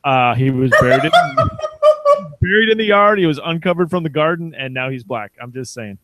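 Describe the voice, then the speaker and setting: A man's voice: fairly high pitch, wildly swooping pitch, moderate pace, noisy background. A man in his thirties co-hosting a podcast, rambling casually with laughs and self-deprecating asides. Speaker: podcast co-host. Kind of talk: casual chat.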